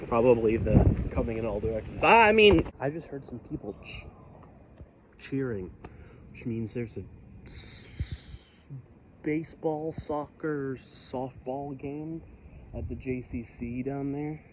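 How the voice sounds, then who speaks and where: A man's voice: medium pitch, measured pace. A man filming a storm outside his house, rambling casually with jokey, self-deprecating asides. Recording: outdoor wind and storm noise.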